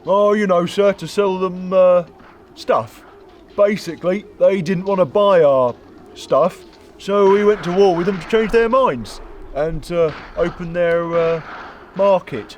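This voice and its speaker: An actor playing a deferential, hesitant young British army private in a comedy sketch. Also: male voice, sits high, measured pace, a little hiss or hum. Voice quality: deferential, hesitant, keeps saying sir.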